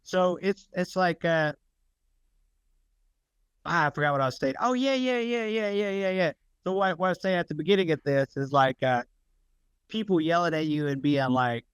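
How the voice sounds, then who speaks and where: A man's voice: on the high side, expressive, normal speed, fairly bright tone, smooth, no echo. A man co-hosting a podcast in casual political chat, rambling and swearing often as he loses and finds his thread. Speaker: podcast co-host.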